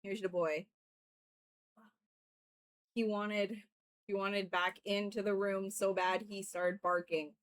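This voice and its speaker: While working on a livestream, this artist talks casually with her viewers, laughing frequently and animatedly retelling events. Her mid-range voice is flat in delivery, and she goes slowly with many pauses.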